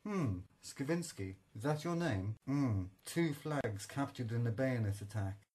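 A man voicing a kind-hearted lighthouse official who asks brisk questions in an audiobook. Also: mid-range voice, lively intonation, a little mellow, husky. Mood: questioning. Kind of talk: audiobook character reading.

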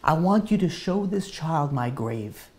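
Resolute dying young mother, soft and steady, as a male storyteller quotes her. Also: on the high side, unhurried.

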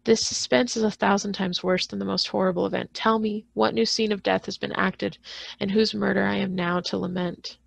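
A woman librarian reading a classic novel aloud in a steady, measured way, with the odd small slip. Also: medium pitch, gravelly, dry recording.

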